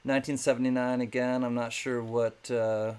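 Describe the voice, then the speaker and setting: A man's voice: medium pitch, level tone, moderate pace, a little mellow, clear, resonant tone. A man hosting a live-stream coin auction in a chatty, casual way, thanking viewers by name between calls.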